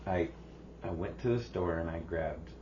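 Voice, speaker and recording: Rambling low-voiced man, muffled. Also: moderate pace, mellow, a little hiss or hum. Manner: rambling storyteller with many restarts and laughs. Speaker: podcast co-host. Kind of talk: casual chat. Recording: muffled, lo-fi with faint ambience.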